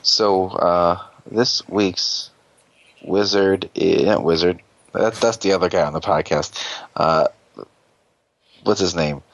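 A man's voice: deep voice, takes it slowly, creaky, long pauses, no room sound, rough recording. A man hosting a podcast, casually recapping an episode in a rambling, joking way with plenty of swearing. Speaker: podcast host.

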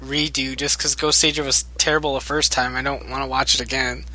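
Bright, giggly podcast co-host. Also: mid-range voice, level tone, a little fast, rough recording. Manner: giggly, blunt opinions. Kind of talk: casual podcast chat.

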